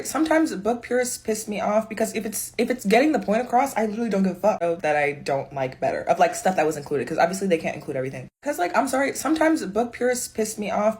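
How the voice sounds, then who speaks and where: Animated, slangy young woman. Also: medium pitch. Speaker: pop culture commentator. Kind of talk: casual reaction chat.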